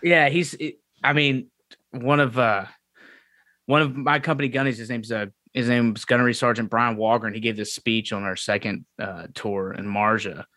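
A man from Memphis tells stories in loose, casual chat. His voice sits at a middle pitch, and he rambles with plenty of fillers and restarts. The sound is dry and close. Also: steady tone, moderate pace, sharp tone, no room sound. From Memphis, Tennessee. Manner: rambling, filler-heavy storytelling.

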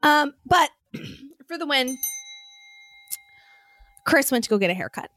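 A woman co-hosting a podcast in casual chat, animated and quick to laugh. Her voice sits a touch high. The sound is dry and close, with no room echo. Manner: animated storyteller, laughs often. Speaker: podcast co-host.

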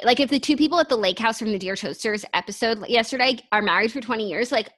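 A woman's voice: a little high, fast, hardly any pauses, fairly bright tone. A young woman co-hosting a podcast, chatting casually in an earnest, thoughtful way with many fillers. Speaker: podcast co-host. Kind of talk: casual chat.

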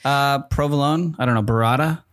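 A man's voice: mid-range voice, a little fast, fairly bright tone. A man co-hosting a podcast in casual chat, wry and joking. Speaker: podcast co-host.

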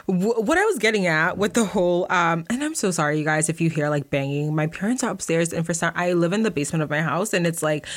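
A young woman hosts an unscripted podcast chat, rambling freely from one thought to the next and laughing often. Her voice sits a little low for a woman. She records from a room in the basement of her home. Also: expressive, quick pace, few pauses. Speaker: podcast host.

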